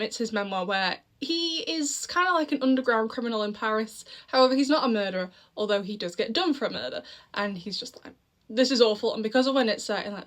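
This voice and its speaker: Young girl rambling about a book, laughs a lot, bit high voice. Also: a bit bright. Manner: chatty, laughs often, rambling asides. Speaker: book reviewer. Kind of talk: casual book review vlog.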